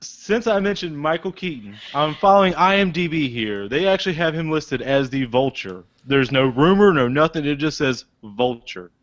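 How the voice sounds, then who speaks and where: A man co-hosting a podcast in casual, joking chat, with loud bursts of laughter. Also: fairly high pitch, expressive, normal speed, hardly any pauses. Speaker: podcast co-host. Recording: dry, slightly dull podcast audio.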